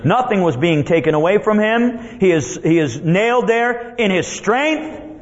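A man's voice: sits high, expressive, a little slow. A man preaching a sermon who emphatically repeats himself and reads Bible verses aloud. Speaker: pastor. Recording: dull lo-fi recording.

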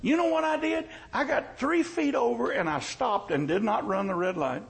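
A man's voice: extremely high pitch, normal speed, vocal fry, poor audio. A male pastor preaching a sermon in a folksy, joking way, with emphatic repetition.

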